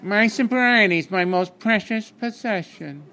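An older man putting on the voice of a little Irish man, sing-song and overly earnest, well above his own pitch. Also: unhurried, sharp tone, a faint crowd, slight background noise, exaggerated voice.

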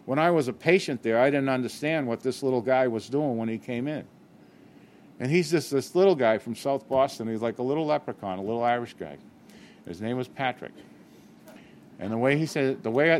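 A man's voice: mid-range voice, a little fast, slight background noise. Older man, candid, self-mocking recovery talk. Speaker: speaker at a recovery meeting.

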